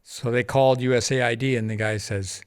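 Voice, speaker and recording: Man telling animated stories, mid pitch. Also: a little fast, smooth. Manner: animated anecdote-telling, acting out quoted voices, laughs often. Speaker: podcast guest, charity founder. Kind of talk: casual storytelling interview.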